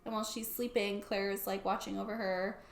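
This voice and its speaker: A young adult woman, a book YouTuber, recaps a novel's plot in a chatty, sarcastic way, saying "like" constantly. Her medium-pitched voice barely moves in pitch and runs a little fast, with an echoey room around her.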